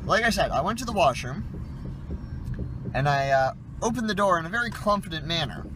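A young man vlogging casually and telling a funny story with animated, self-deprecating energy. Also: fairly high pitch, a little fast, noisy background.

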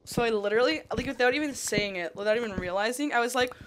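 Quick-paced and a bit bright, with a voice on the high side, a Canadian streamer rambles through casual chat as she plays a modded block game, using "like" constantly. Mouse clicks and background noise fill her home stream.

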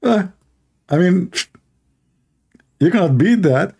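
Man, gravelly voice, mellow dark tone, live call-in host, mocking, repeats himself. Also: high-pitched, animated, takes it slowly. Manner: mocking, repeats phrases, frequent laughter. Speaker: live-stream host taking callers.

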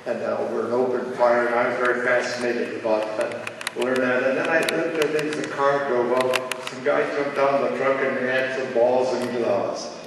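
A man in his seventies from Ohio, telling folksy stories at a charity fundraiser in a halting, rambling way with many filler sounds. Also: mid-range voice, background noise. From Ohio, USA. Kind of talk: folksy personal storytelling. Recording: echoey hall, distant mic.

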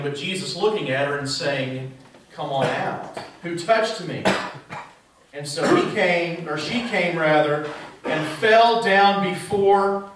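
A man's voice: on the high side, a bit bright. A male pastor preaching a sermon in a church, asking the congregation rhetorical questions. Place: church sanctuary. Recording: very echoey church heard from a distance.

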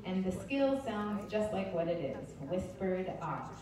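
Gentle woman teacher in an echoey room. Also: medium pitch, animated, measured pace. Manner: gentle, encouraging, coaching a group step by step. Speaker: Alexander Technique teacher. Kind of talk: guided group exercise instruction. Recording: roomy distant mic with faint noise.

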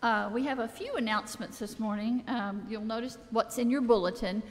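A woman with a loud voice leading the welcome and announcements in a church service, talking informally with fillers and restarts. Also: a little high, a little fast. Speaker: church worship leader. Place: church sanctuary. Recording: long church reverb.

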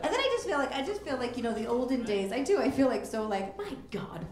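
Brash high-voiced woman doing stand-up. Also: sing-song, quick pace. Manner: brash, rambling, leaps into squealing high-pitched voices. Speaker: stand-up comic. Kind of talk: stand-up comedy set. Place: comedy club stage with audience. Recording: echoey club room with audience laughter.

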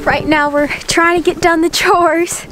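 Over music, a woman with a very high voice speaks in a level tone at a slightly slow pace. She's vlogging in the snow on a homestead with a handheld camera, and her casual narration is bubbly and exclamatory, with frequent laughs.

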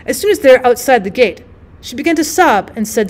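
A woman's voice: high voice, animated, brisk, darkish tone. Woman teacher reading a classic story aloud.

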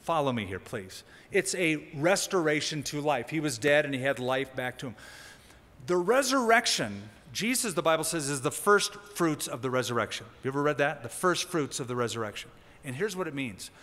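A man preaching a sermon as a pastor, teaching in a conversational way with lively emphasis. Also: a little high, moderate pace, big-room sound. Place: church sanctuary.

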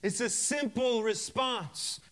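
A male minister delivers a sermon, reading scripture one verse at a time with forceful pauses and fervent cries of hallelujah and praise. His voice is very high and somewhat bright.

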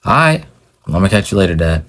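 A fourteen-year-old boy, voiced by a man, talks to his father in loose street slang. The voice sits very low for a kid. It plays out in an amateur animated skit. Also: fairly quick. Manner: casual slang-heavy teen talk. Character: teenage boy, fourteen, casual slangy son. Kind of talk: amateur animated machinima role-play.

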